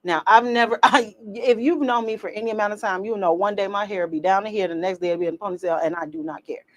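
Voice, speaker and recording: A woman's voice: mid-range voice, fast talker. A middle-aged woman talks casually as a podcast co-host. She tells stories with energy and acts out what other people said. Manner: animated storyteller, acts out quotes. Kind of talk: casual chat.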